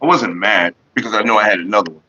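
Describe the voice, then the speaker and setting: A man hosts a casual livestream, rambling through stories and calling out to viewers in the chat. His voice is bright and a little husky. The stream audio sounds dull and lo-fi. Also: lowish voice, fast. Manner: loose storytelling, greets chat viewers. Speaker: livestream host.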